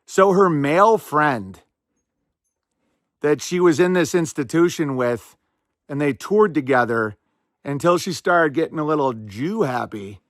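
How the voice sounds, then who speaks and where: A man's voice: fairly high pitch, lively intonation, dry recording, studio quality. A man hosting a podcast, giving rambling, sarcastic commentary in a casual chat style. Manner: rambling, sarcastic, quick asides. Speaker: podcast host.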